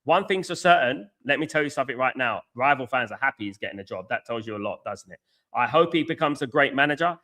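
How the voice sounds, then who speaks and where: Blunt, bright-voiced middle-aged man. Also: mid-range voice, lively intonation, quick pace. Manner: blunt, argumentative, reads out and scolds chat viewers. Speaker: host of a live football watchalong stream. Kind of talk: live match reaction and chat banter.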